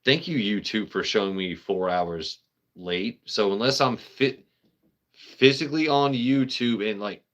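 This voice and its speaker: A man's voice: fairly low pitch, measured pace, a bit bright, highs cut off. A man hosting a casual live stream, rambling, joking with his chat and swearing freely. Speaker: livestream host.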